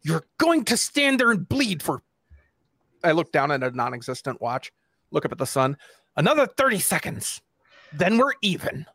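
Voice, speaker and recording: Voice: mid-range voice, big pitch swings, moderate pace, a bit bright, slightly rough, no room sound, clean studio sound, exaggerated voice. A player voicing a prickly duck-folk woman adventurer who makes cold, indignant threats. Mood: menacing.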